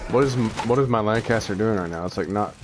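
A young man giving casual gameplay commentary, excitable and quick to rant when things go wrong. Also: lowish voice, noisy background. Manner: excitable, frequent exclamations, frustrated rants. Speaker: gaming YouTuber.

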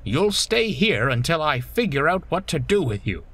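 A man's voice: on the high side, very animated, normal speed, a bit bright, no room sound, voice pushed up, exaggerated voice. A man voicing a strict, scolding male bus company owner in a storybook reading. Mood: stern. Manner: stern, scolding.

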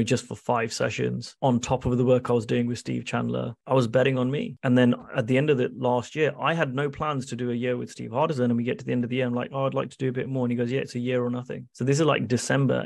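Earnest man with a gravelly voice. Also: medium pitch, darkish tone. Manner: earnest and emphatic, repeats key phrases, acts out quoted exchanges. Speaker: business coach, interview guest. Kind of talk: conversational interview answer.

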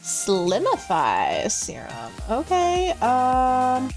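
Excitable woman narrating a life-sim game. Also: on the high side. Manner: excitable, gasps and coos at the game. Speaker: Sims gameplay host. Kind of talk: casual gameplay commentary.

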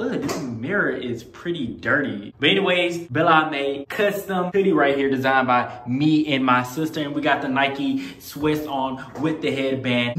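Hyped young vlogger. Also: male voice, mid-range voice, noisy background. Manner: loud playful slang, late at night drops to a hushed mumble. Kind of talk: hyped casual vlog. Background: background music.

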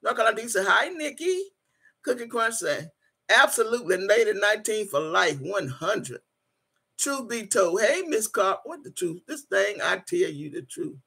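Husky-voiced woman chatting on a livestream. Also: mid-range voice, expressive, moderate pace, fairly bright tone. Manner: chatty, laughs often, addresses viewers as y'all; urges viewers to like and subscribe. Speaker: channel host. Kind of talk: casual livestream reading out viewer comments.

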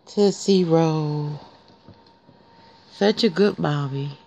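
A woman's voice: sits low, drawn-out words, vocal fry, mellow. A woman talking to newborn puppies in teasing baby talk during a casual vlog. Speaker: pet groomer showing newborn puppies. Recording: dull lo-fi recording.

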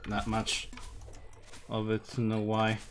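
A man's voice: lowish voice, monotone, takes it slowly, soft background music. A man streaming a game live, chatting casually and rambling with lots of fillers and swearing. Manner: profane, rambling, with many fillers.

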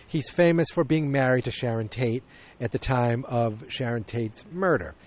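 A man's voice: medium pitch, normal speed. A man hosting a podcast, chatting casually about a film, rambling and correcting himself as he goes. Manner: rambling, self-correcting, opinionated. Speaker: podcast host. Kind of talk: casual movie review chat.

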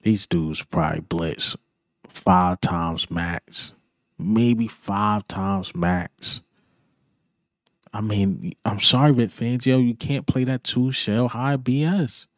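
A man's voice: mid-range voice, slow pace, no echo, clean studio sound. A man vlogging a frustrated, emphatic sports reaction rant, repeating his points in casual slang.

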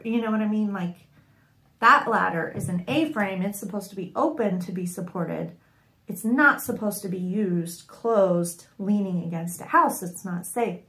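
A woman vlogger telling a funny family story in a casual, wry and animated way, often laughing. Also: mid-range voice, moderate pace. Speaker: sewing vlogger. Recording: echoey room.

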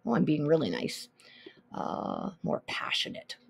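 A woman's voice: low-pitched, wildly swooping pitch, a little slow, creaky, slight background noise. A woman music teacher talking casually through teaching tools on a podcast, thinking aloud with plenty of ums and easily amused.

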